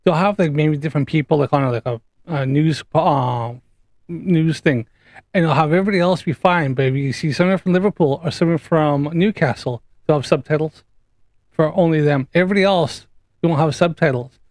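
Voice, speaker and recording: A man's voice: fairly high pitch, a little fast, no room sound. A Canadian man with a slight Scouse accent, chatting casually as a guest on a video call and telling stories animatedly, with lots of swearing. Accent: Canadian, with some Scouse. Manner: animated storyteller, swears freely, laughs. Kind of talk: casual chat.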